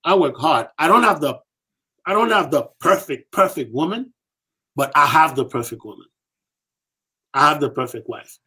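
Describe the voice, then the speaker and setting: A man on a podcast tells a story with real animation, repeating phrases for emphasis and slipping into the voices of the people he quotes. His voice sits a bit high for a man. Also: animated, normal speed, pauses often, pushed and bright, husky. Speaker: podcast guest.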